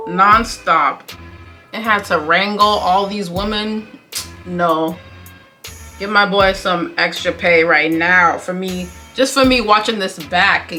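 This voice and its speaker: Young woman vlogger, sassy and blunt, crisp bright voice, faint music behind. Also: medium pitch. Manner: sassy, blunt, opinionated, uses slang. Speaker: commentary vlogger. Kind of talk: casual reality TV recap commentary.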